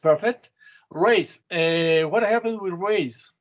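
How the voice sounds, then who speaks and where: A man's voice: high voice, slow pace, lo-fi sound. A man teaching an English class, quizzing students on spelling with short, patient prompts. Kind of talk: online class drilling spelling.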